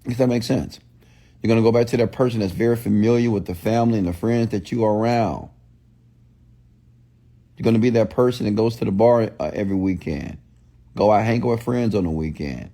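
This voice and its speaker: A man's voice: lowish voice, a little fast, mellow. A man giving a blunt, preachy motivational talk to a live audience, often asking if it makes sense. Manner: preachy, repetitive call-and-response questions; blunt, scolding. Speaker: motivational speaker.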